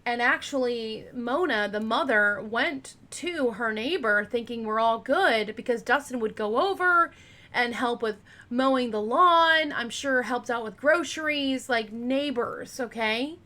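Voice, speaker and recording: Pitched on the high side, this woman's voice sounds pushed and bright as she moves at a measured pace. Hosting a true crime channel, she chats her way through a case with plenty of asides and fillers, and her voice cracks a little.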